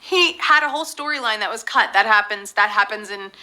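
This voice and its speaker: A woman hosting a live trivia game show, chatting casually in a bubbly, playful way with quick asides. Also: mid-range voice, sharp tone. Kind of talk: casual chat.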